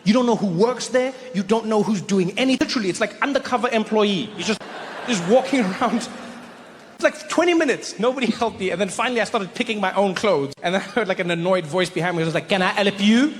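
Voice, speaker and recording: A man tells a stand-up story with animated energy, starting over often, into a handheld mic on a theater stage. His voice sits high and rings through a long, echoey hall. A faint noise runs underneath. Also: fast talker. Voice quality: animated, with frequent restarts. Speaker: stand-up comedian.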